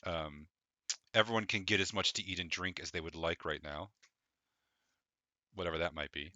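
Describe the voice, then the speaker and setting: A man's voice: sits low, steady tone, moderate pace, pushed and bright, dry recording. A man narrating a tabletop game as game master, loose and full of fillers, laughing easily.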